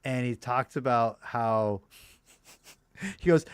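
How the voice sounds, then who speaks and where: A man's voice: mid-range voice, expressive, takes it slowly, long pauses, clean tone, no room sound, studio quality. A man in his thirties, co-hosting a casual podcast chat, rambling with frequent restarts. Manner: rambling, lots of restarts and fillers. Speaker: podcast co-host.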